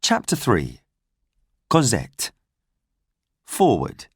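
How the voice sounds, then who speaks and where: Slow, lively-voiced male story reader. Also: lowish voice, no echo, studio quality. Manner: slow, clear, carefully paced reading. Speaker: narrator. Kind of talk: graded reader audiobook narration.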